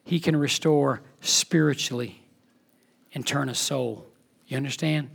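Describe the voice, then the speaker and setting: A man preaching a sermon as pastor, impassioned, swinging between loud emphatic peaks and soft hushed lines. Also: mid-range voice, unhurried, creaky, slightly rough.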